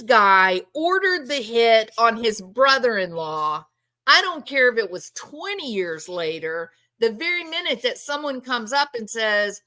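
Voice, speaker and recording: A woman commentator talking through a case in a casual monologue, sarcastic and incredulous, leaning hard on her points. Her voice is bright and fairly high, and she speaks slowly, drawing out her words. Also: very animated. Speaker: true crime commentator.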